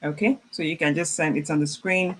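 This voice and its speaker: A chatty teacher leads a live online language class, reading out students' messages and encouraging them. French phrases are repeated slowly and carefully, with frequent easy laughter between corrections. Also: medium pitch, fairly bright tone, a little hiss or hum. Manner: chatty and informal, laughs often.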